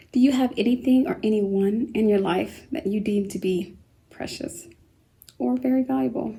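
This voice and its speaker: Gravelly-voiced woman teaching young children. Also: mid-range voice, slight background noise, poor audio. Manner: slow, patient, spells words letter by letter; asks children gentle questions. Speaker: homeschool teacher. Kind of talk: kindergarten vocabulary lesson.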